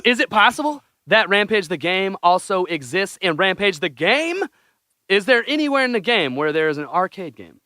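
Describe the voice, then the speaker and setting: Excitable young man with a bright, lively voice. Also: high-pitched, normal speed, no room sound, studio quality. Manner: laughs often, excitable, swears casually. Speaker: podcast co-host. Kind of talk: casual chat.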